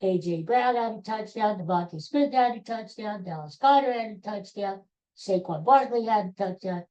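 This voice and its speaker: Blunt sports opinions come through as this middle-aged woman hosts her own podcast, chatting casually and rambling through stories with restarts and asides. Her mid-range voice is expressive and warm at a normal speed, though the audio sounds dull.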